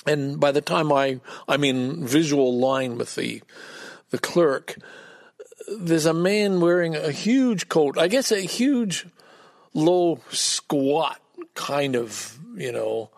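A man's voice: a little high, animated, takes it slowly, vocal fry, no echo, clean studio sound. A man hosting a podcast, telling a rambling story in a casual monologue, with frequent restarts and blunt swearing. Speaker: podcast host.

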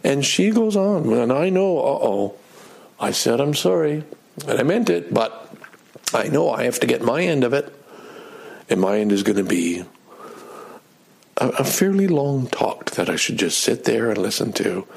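Raspy, gravelly middle-aged man telling a story. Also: mid-range voice, measured pace, pauses often. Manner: animated, self-deprecating, acts out his own angry outbursts. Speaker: vlogger telling a personal story. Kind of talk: casual spoken storytelling.

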